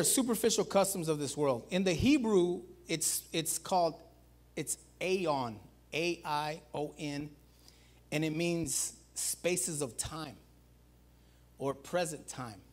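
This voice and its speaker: A pastor preaching a sermon in an animated way, calling out to the congregation and swinging between loud calls and low, quiet emphasis. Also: male voice. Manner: animated preaching, repeats "watch this" and "guys".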